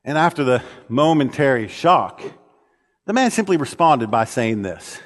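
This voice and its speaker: Guy preaching a sermon, earnest storyteller, trips and restarts a lot, mid-pitched voice, long church echo behind him. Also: big pitch swings, measured pace. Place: church auditorium. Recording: long reverb of a church hall.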